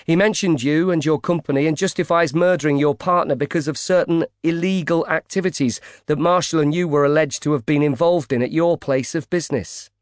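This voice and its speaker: A man puts on a sharp-tongued female newspaper reporter for an audiobook, her voice raised high and insistent. She talks in a pointed, pressing way, with no softness in it. The recording is dry and close. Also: fairly quick, hardly any pauses, no echo, close to an everyday voice.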